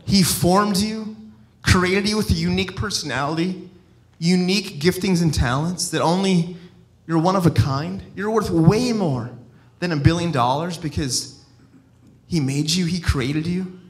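A middle-aged evangelist-missionary preaches a sermon in a church in a fairly high-pitched voice, speaking a little slowly. His delivery is free-flowing and personal, with stories, restarts, and asides.

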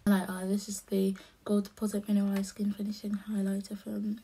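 Chatty young woman, gravelly. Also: mid-range voice, completely flat delivery, fairly quick. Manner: soft, often half-whispered, chatty. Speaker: vlogger. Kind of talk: casual chat while doing makeup.

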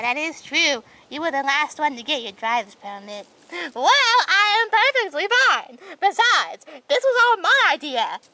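A woman voicing a whole group of toy characters, chattering and squealing through their banter in a playful role-play. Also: sits high. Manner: excitable, squealing, chattering banter between figures. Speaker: toy video creator voicing all the characters. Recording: noisy home recording.

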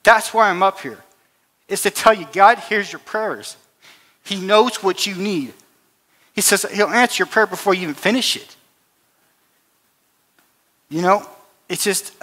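Bright-voiced man testifying in an echoing church. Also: a little high. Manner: conversational storytelling, repeats words, many "you know" fillers. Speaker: guest speaker and musician at a church service. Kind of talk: informal testimony talk. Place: church hall. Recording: long reverb of a church hall.

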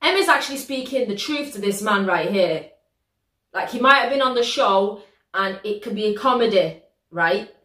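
Lively British woman reacting in a roomy space. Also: mid-range voice. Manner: slangy, animated, quick to laugh. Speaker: reaction video host. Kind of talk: excitable casual reaction commentary.

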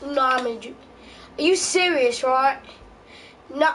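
A gameplay commentator talking in a halting, excited way, often yelping and shouting at the game. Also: high-pitched, poor audio. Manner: loud, yelps and shouts at the game. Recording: music playing loudly behind. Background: loud music.

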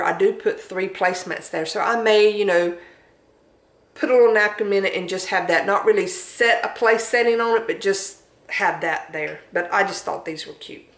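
A woman's voice: mid-range voice, a bit bright, roomy sound, poor audio. Chatty Southern woman showing thrift finds. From Southern United States. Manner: chatty, homey, laughs at herself. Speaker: thrift haul vlogger. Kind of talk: casual show-and-tell chat. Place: home dining room.

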